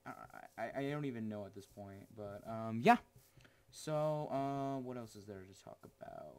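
A man casually commenting while he plays a game, goofy and excitable with lots of exclamations. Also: lowish voice, moderate pace, a little hiss or hum. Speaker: gaming channel host.

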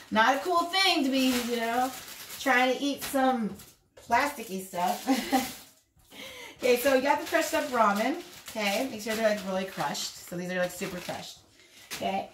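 A chatty woman gives a loose, rambling cooking walkthrough in her home kitchen, her slightly high voice bouncing off the walls. The recording is echoey, with loud background noise. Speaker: vlogger. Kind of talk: casual cooking tutorial.

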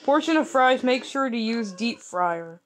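A woman's voice: fairly high pitch, expressive, unhurried. A young woman giving casual gameplay commentary, playful and mischievous, often giggling as she talks. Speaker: gamer.

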